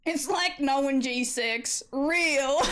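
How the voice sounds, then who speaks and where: Her voice is on the high side, fairly bright and clean. Drawing on a live stream, this woman casually talks with her audience, responding to their messages and laughing a lot.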